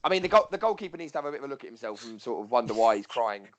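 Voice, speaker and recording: Quick jokey guy on a podcast, teasing his mates. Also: medium pitch, sing-song, highs cut off. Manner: jokey, teasing, laughs often. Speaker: podcast co-host. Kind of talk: casual chat.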